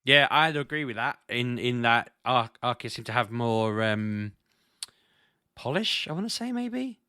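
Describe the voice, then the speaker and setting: A man's voice: medium pitch, expressive, unhurried, pushed and bright, clean tone, dry recording, clean studio sound. A man hosting a casual gaming podcast, thinking aloud with restarts and sudden exclamations. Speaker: podcast host. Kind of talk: casual chat about video games.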